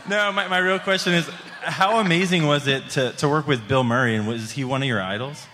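A man's voice: on the high side, a little fast. Nervous, laughing male fan. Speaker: audience member asking a question. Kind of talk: fan question at a live panel. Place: theater with a live audience. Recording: long theater reverb, loud noise.

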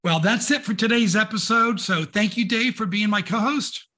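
Brief: upbeat male co-host, notably high-pitched voice. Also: moderate pace, bright, forceful tone. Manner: upbeat, enthusiastic. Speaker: podcast co-host. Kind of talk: business podcast discussion.

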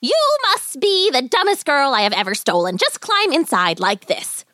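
A woman voicing a cruel, frail old witch who scolds sharply in a high, shrill voice. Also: wildly swooping pitch, measured pace, sharp tone, no room sound, studio quality, full character voice. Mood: furious.

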